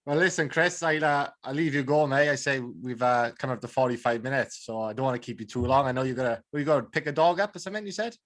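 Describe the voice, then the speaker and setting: A man's voice: mid-range voice, fast, few pauses, a bit bright. A man hosting a podcast interview, asking short questions and chipping in with brief remarks. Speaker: podcast host. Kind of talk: casual interview chat.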